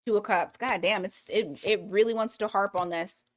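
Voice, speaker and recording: A woman's voice: medium pitch, normal speed. A woman giving a casual weekly tarot reading, blunt and profane, thinking aloud as she pulls cards. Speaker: tarot reader.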